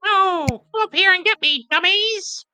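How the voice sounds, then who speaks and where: A man voicing a squeaky, taunting little jungle creature in a shrill, whiny cartoon voice. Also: unhurried, sharp tone, no room sound, faint music behind, full character voice.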